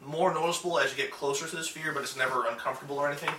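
A man narrating a tabletop game as game master, describing scenes slowly with many pauses and fillers. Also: fairly high pitch, steady tone, noisy background. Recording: echoey room, far from mic.

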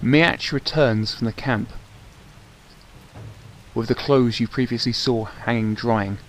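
A man's voice: medium pitch, fairly even intonation, slow, a little hiss or hum. A man as game master of a tabletop game, narrating and correcting himself mid-sentence.

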